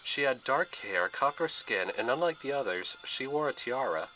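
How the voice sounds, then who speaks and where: Narrator: a man, bright and sharp, steady expressive storybook reading. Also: mid-range voice, normal speed, faint music behind, rough recording.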